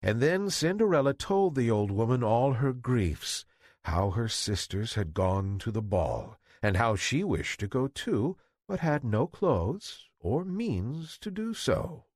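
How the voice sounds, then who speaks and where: Man reading a storybook, very slow, hugely expressive rise and fall, husky voice, dry close sound. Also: medium pitch, dry recording. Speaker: reader.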